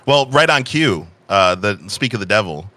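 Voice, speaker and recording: A man running a tabletop game as game master, narrating in a halting, restarting way. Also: on the low side, animated, bright, forceful tone.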